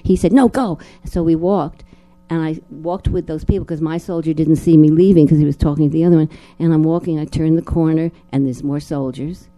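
Older woman from New Jersey, guest actress at a Q&A; deep mellow tone, rambling storyteller full of restarts. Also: steady tone, a little fast. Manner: rambling, frequent restarts and repeated words. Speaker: guest actress at a film screening talk. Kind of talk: personal storytelling in a live Q&A.

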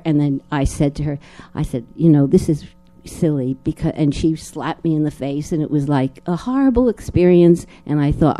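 A woman's voice: sits low, dark tone. An older woman from New Jersey, a guest actress in a live Q&A, telling a personal story in a rambling way with many restarts and repeated words. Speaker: guest actress at a film screening talk.

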